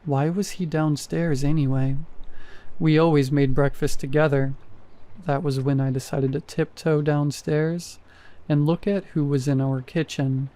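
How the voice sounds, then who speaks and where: A man narrating a first-person horror story in a steady, measured reading. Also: fairly high pitch.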